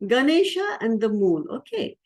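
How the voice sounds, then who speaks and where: A woman spiritual teacher tells a story to a group of children. Her voice is fairly high, and she keeps it lively by asking the kids questions as she goes. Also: moderate pace. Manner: lively, asks the audience questions.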